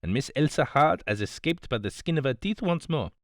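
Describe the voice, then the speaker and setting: A man's voice: medium pitch, expressive, a little fast, dry recording, clean studio sound, natural voice. A man voicing a fussy, smug older detective, politely reproving, in an audiobook. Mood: smug, precise. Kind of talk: audiobook character voice.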